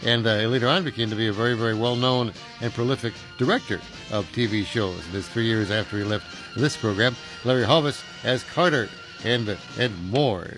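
A man's voice: mid-range voice, fairly quick, few pauses, music in the background. A man hosting a radio show, talking casually with many fillers. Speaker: radio host.

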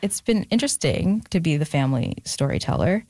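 A woman's voice: fairly low pitch, animated, brisk, mellow, dry recording. A woman author talking reflectively about her family, with frequent fillers. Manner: reflective, gets emotional, many fillers. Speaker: author guest. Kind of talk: casual interview chat.

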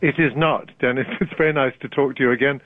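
A British man in his seventies, a guest author speaking in a radio interview, articulate and measured. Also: medium pitch, steady tone, no echo. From Britain. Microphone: phone line. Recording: dry tinny phone line.

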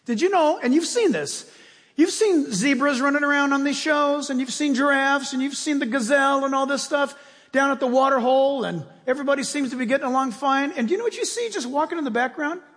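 Casting: high-pitched, husky male preacher, lively storyteller, long hall reverb. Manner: animated storytelling, acting out scenes. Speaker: pastor. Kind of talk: sermon.

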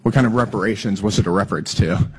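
A man with a hoarse voice from a cold, questioning a witness persistently at a hearing. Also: on the low side, fast talker. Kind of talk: hearing interrogation.

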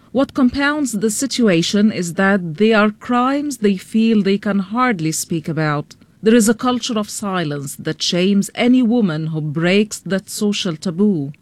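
A female correspondent reading a serious, measured news report. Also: medium pitch, no echo.

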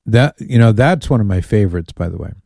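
A man hosts a call-in radio show, talking casually and reading listener messages with amused asides. His voice sits low and mellow. The studio sound is dry and close. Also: animated, fairly quick, creaky, no room sound. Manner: chatty, reads listener emails aloud with amused asides. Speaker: radio host.

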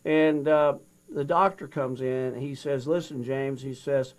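A man's voice: medium pitch, slow. An older man, a guest in an interview, retelling his past with feeling and acting out both sides of a conversation. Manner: animated retelling, acts out both sides of a dialogue. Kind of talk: storytelling interview.

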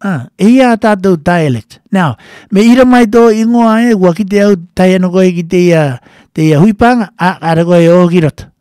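Male radio host, high voice, playful and teasing, close dry studio sound. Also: brisk, a little mellow, smooth, no room sound. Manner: playful, teasing, code-switching. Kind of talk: casual radio talk with a listener quiz.

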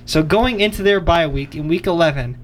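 Young guy on college radio talking football picks, a bit high voice, faint hiss behind. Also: a little fast. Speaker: radio show co-host. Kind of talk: casual sports radio chat.

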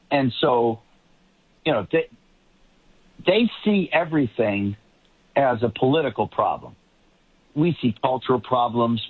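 A man's voice: mid-range voice, breathy edge, dry recording. Male commentator on a tinny phone line. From Boston. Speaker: panel guest, political commentator. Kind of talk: talk radio commentary.

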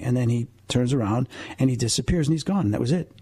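Husky-voiced man in his fifties. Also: medium pitch, fast, no echo. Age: 50s. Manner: earnest, animated storytelling. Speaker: paranormal investigator and medium, guest. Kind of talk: storytelling interview on radio.

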